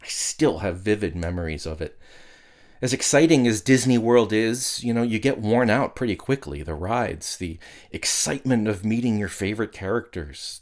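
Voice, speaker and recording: A man's voice: on the low side, darkish tone. A middle-aged man delivering a sermon as a pastor, earnest and conversational, reciting prayers and scripture.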